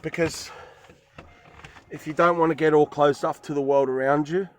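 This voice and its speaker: A man's voice: on the high side, fairly even intonation, normal speed, a little hiss or hum. A man vlogging from his van in a forest, retelling a run-in in a rambling, emphatic way. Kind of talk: casual storytelling to camera.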